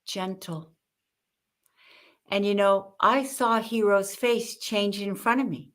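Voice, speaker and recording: An older woman, a guest on an interview show, telling lively stories about communication and acting out the people she quotes. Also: mid-range voice, slow. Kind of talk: conversational interview with storytelling.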